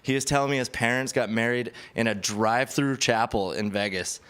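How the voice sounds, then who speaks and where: A man's voice: mid-range voice, a little fast, fairly bright tone, clean tone. A man doing a stand-up set on a club stage, rambling and self-deprecating, often laughing at his own jokes. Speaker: stand-up comedian.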